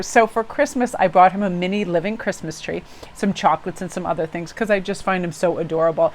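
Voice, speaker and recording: A woman's voice: mid-range voice, steady tone, fairly quick. A woman tarot reader telling stories in a casual daily vlog, bubbly and effusive, acting out the voices of people she quotes.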